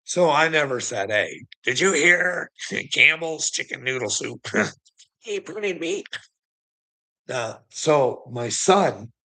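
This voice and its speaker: A man's voice: fairly high pitch, expressive, slow, sharp tone. A middle-aged man telling a heated, profane story in a casual vlog rant, laughing often between lines. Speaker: vlogger.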